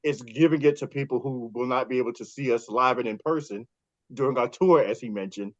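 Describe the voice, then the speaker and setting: A man with a New York accent, a podcast co-host being interviewed, telling stories in a lively way and laughing often. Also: mid-range voice, fairly quick, no echo, lo-fi sound. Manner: animated storyteller, laughs often. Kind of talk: casual interview chat.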